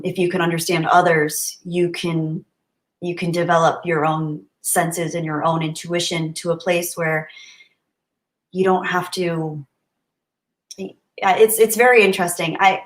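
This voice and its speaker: Chatty woman streamer in a roomy space. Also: on the low side. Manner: chatty, answers viewer comments aloud. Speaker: livestream host. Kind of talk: casual livestream chat. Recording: roomy echo.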